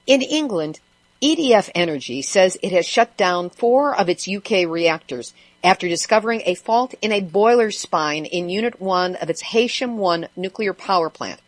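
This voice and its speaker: A woman's voice: mid-range voice, no room sound. Wry, sarcastic woman radio host. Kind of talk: scripted news commentary with sarcastic asides.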